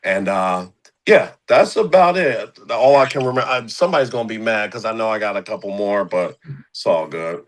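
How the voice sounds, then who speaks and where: A man's voice: on the low side, expressive, normal speed, low-quality recording. Laid-back young man chatting loosely. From Philadelphia area. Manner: rambling, slangy, lots of fillers. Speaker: guest musician. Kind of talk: casual interview chat.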